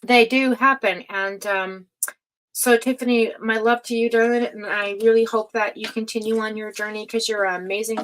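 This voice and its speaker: A woman hosting a tarot reading livestream, talking casually and affectionately to viewers, with many fillers, sighs and soft laughs. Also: a little high, fairly even intonation, moderate pace, slight background noise, rough recording. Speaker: tarot reader and livestream host.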